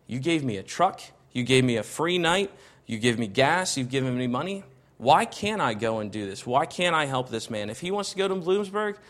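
Man telling a story, acting out the dialogue. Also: mid-range voice. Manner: acts out quoted dialogue, often dropping softer for quotes; conversational, many fillers and restarts like "I'm like". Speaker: speaker giving a personal testimony. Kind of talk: casual spoken storytelling.

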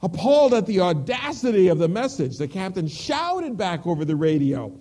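High-voiced male preacher telling a story. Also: big pitch swings, moderate pace, few pauses. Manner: storytelling, emphatic, drops to a hush on key words. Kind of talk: sermon.

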